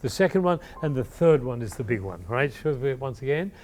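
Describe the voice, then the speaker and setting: A man's voice: medium pitch, expressive, brisk. A man coaching a horn player in a class, encouraging and singing phrases aloud to show how they should go. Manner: sings phrases to demonstrate, enthusiastic and encouraging. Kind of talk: masterclass coaching. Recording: live class with horn playing in between. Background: horn playing.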